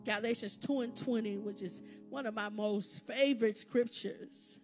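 A woman with a high voice preaches in a live church service, her cadence swelling into fervent, repetitive exhortation. Instrumental music plays clearly beneath her words. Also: steady tone, measured pace, darkish tone. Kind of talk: sermon. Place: church sanctuary. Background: instrumental music playing under the sermon.

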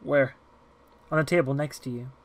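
A man voicing a timid eight-year-old girl who talks softly and quietly in an audiobook reading. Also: medium pitch, steady tone, normal speed, close to an everyday voice. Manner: soft and hushed.

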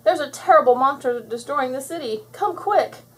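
A woman voicing a flustered male mayor who pleads for help in a drawn-out voice. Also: sits high, animated, pitched above the performer's own voice, rough recording. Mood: panicked.

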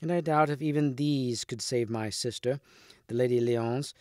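A man's voice: mid-range voice, normal speed, a little mellow, no echo, clean studio sound, lightly acted. A man voicing a scornful, haughty young noble lady who sneers and insults. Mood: warning.

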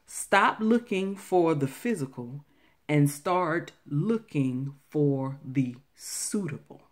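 A woman with a slightly low voice shares Bible-based relationship advice at a very slow, deliberate pace. She talks directly to her viewers and repeats phrases to drive her points home. Her delivery is earnest. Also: a little mellow. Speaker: faith-based relationship vlogger.

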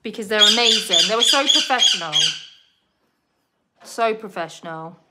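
A woman's voice: a little high, animated, moderate pace, very noisy. A British woman chatting casually to her viewers and scolding her pet bird between sentences. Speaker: pet bird owner and channel host. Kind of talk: casual live chat with viewers. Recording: loud parrot squawks and clicks behind her. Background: parrot squawking.

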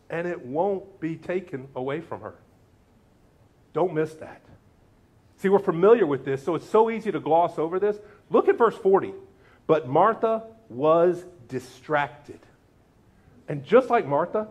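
A man preaching a sermon as pastor, acting out quotes with big jumps in his voice. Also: moderate pace. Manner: animated, acts out quotes with big pitch jumps.

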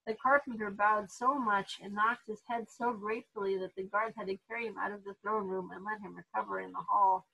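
A woman reading a children's book aloud in an expressive storytelling manner. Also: mid-range voice, fairly quick, vocal fry, hardly any pauses, slightly rough, low-quality recording. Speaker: reader to therapy dogs.

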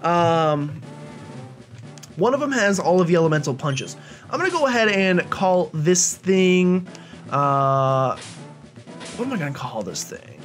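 A chatty, jokey man gives casual commentary over his gameplay, his pitch swinging up and down with animated energy. He rambles along with plenty of fillers and asides. Soft game music sits faintly underneath. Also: unhurried, long pauses. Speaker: let's play host.

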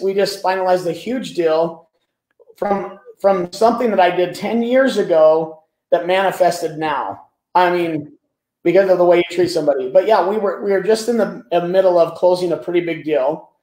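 A man's voice: sits high, normal speed, darkish tone. A man who tells stories animatedly as a guest in a business interview, often repeating words as he talks. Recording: echoey room.

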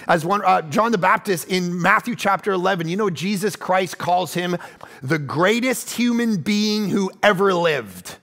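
A man's voice: high voice, normal speed. A man in his forties preaching a sermon in a conversational, self-deprecating way and acting out the voices in his stories. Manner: animated storytelling that acts out quoted voices. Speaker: pastor.

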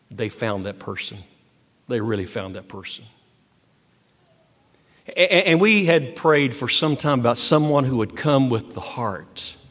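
An older man, a university president, giving an earnest, emphatic ceremonial speech at a podium and repeating key words for weight. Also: on the low side. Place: large hall. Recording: long hall reverb.

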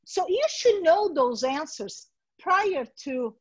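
A high-pitched woman gives a workshop talk over a video call. She speaks in a direct, coaching tone, and her voice comes through dry and slightly dull. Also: very animated, slow, dry recording. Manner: direct, coaching tone, acts out sample interviews. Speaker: workshop presenter. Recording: dry, dull webinar audio.

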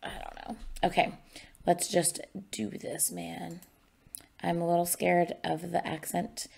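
A woman hosting a casual music reaction video, chatting excitedly to herself like an eager fan. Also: lowish voice, measured pace, gravelly, breathy edge. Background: faint music from the song being reacted to.

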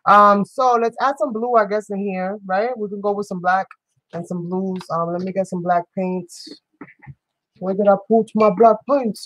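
A woman's voice: on the low side, low-quality recording. A woman hosting a live crafting show, chatting playfully with viewers as she works and often breaking into giggles. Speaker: crafting channel host. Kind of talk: live crafting demonstration chat.

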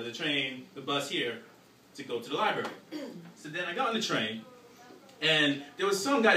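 A young man doing a live stand-up routine, telling animated stories and shouting his punchlines. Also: fairly high pitch. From New York. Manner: animated storytelling with shouted punchlines and frequent "you know what I'm saying". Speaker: stand-up comedian. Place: small live venue. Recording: roomy, distant, noisy live recording.

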